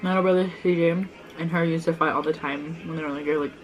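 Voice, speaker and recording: A woman's voice: sits low, fairly even intonation, fast talker, a little hiss or hum, low-quality recording. A young woman casually telling childhood stories with her sister, chatty and full of "like" fillers. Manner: chatty, many "like" fillers, laughs often. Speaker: vlogger, older sister. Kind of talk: casual storytelling chat.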